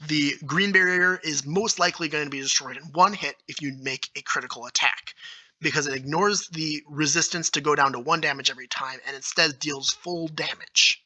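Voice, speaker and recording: A male YouTube creator talks alone about the rules of his own tabletop game, full of eager enthusiasm. He thinks out loud, using fillers and restarting sentences. His voice is on the high side and brisk, and the recording quality is low.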